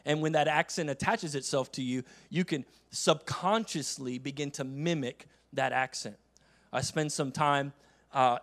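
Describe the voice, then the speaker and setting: A male pastor delivering a sermon, emphatic, repeating phrases and swinging between loud passages and quiet asides. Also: fairly high pitch. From United States.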